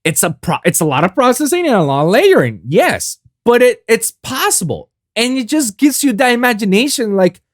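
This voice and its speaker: A man's voice: very high-pitched, very animated, moderate pace, few pauses, dry recording, clean studio sound. A man hosting his own podcast, talking loosely and casually about making sounds, with plenty of swearing and "I kid you not". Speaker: podcast host and music producer. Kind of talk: casual solo podcast talk. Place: lives in South Florida.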